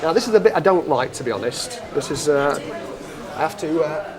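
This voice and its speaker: Male street magician, jokey patter, fairly high voice, crowd noise behind. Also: lively intonation. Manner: joking, chatty, quick asides to onlookers. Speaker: street magician and show host. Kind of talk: comic magic patter with spectators. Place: city streets, outdoors.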